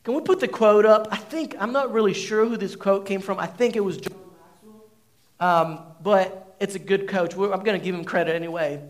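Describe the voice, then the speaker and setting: A man with a high voice preaches from a church stage. He is emphatic, and he keeps circling back to the same phrases to drive them home for the congregation. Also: fairly quick. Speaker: pastor. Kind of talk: sermon.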